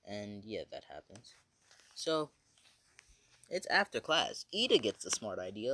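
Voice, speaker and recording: Man, very low voice, casual storytelling, rambling, filler-heavy, swearing. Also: sing-song, unhurried, pushed and bright, a little hiss or hum. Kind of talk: casual retelling of a fan story.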